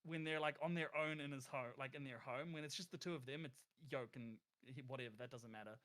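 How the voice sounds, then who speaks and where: A man's voice: medium pitch, quick pace, a bit bright. A man talking through his character's choices as a player in a casual tabletop game, rambling with many fillers and restarts.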